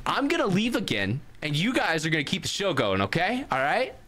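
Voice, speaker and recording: Lively, teasing podcast host, high voice. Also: male voice, fairly quick, a little hiss or hum. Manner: teasing, laughs often, swears. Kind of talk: casual chat.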